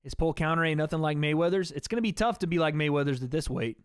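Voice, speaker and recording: A man's voice: a little high, fast, clear, resonant tone, no room sound, studio quality. A man hosting a livestream, giving casual play-by-play commentary on a fight and chatting to his viewers as guys. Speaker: livestream host.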